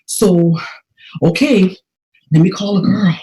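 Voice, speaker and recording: A woman, telling a personal testimony in an emphatic, preacher-like way that swings from hushed to loud. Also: lowish voice, takes it slowly, reverberant, poor audio. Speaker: motivational speaker. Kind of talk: testimony-style motivational talk.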